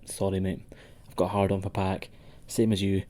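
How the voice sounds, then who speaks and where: Male podcast co-host, low mellow tone, sweary rambling banter. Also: completely flat delivery, brisk. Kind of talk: casual wrestling podcast chat.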